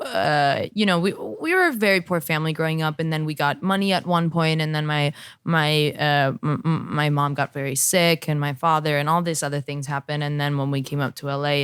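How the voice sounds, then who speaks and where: A woman in her twenties talking candidly as a podcast guest, halting and restarting her sentences. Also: deep voice, fairly bright tone, clear, resonant tone, no echo, clean studio sound. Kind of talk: casual chat.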